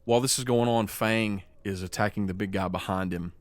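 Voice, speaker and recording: A man narrating as game master of a tabletop game, slowing down for dramatic scene-setting. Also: fairly low pitch, steady tone, no room sound.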